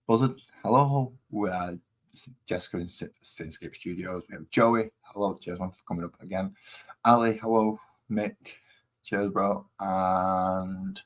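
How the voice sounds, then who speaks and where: Low-pitched but a bit bright, this West Midlands man's voice carries a rambling, self-mocking chat as he sets up and paints during a live stream.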